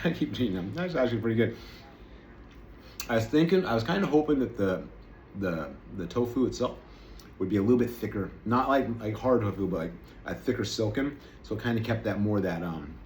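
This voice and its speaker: Pitched on the low side with a darkish tone, this American man chats casually to his camera as he samples snacks, wandering off topic and poking fun at himself. It's a food-tasting vlog recorded in an echoey room with slight background noise.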